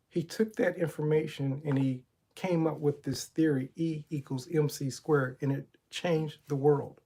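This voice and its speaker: A middle-aged man gives a spiritual motivational talk, his voice pitched a little high but warm and mellow. He speaks like a preacher, retelling Bible stories and posing rhetorical questions to the listener. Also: husky. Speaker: motivational coach and channel host.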